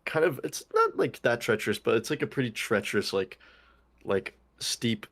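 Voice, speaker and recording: A man's voice: mid-range voice, animated, normal speed, a bit bright. A young man co-hosting a podcast in casual chat, rambling with lots of "like" and casual swearing. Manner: rambling, heavy use of "like", swears freely. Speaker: podcast co-host.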